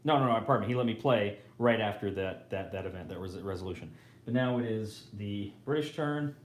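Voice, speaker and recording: A man's voice: fairly low pitch, a little fast. Man thinking aloud over a board game. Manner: thinks aloud, casual, self-correcting. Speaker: host. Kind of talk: live board game playthrough commentary. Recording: roomy echo.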